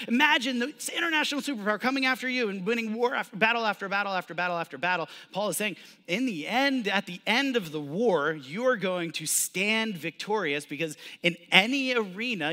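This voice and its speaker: A man's voice: sits high, expressive, quick pace, sharp tone, long reverb tail. A man preaching a sermon as pastor, conversational and casual, building up with emphatic repetition. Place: church sanctuary.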